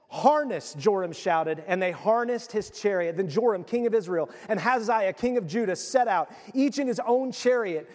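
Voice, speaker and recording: A man's voice: sits high, in a large hall. A male pastor giving a conversational sermon, retelling a story with casual asides.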